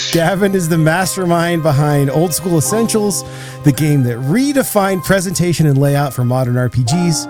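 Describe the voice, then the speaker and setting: A man's voice: a little high, moderate pace, over music. An American man hosting a podcast, talking casually and chattily with lots of filler words. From United States. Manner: chatty, lots of "like" and "you know". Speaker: podcast host. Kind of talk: casual interview chat.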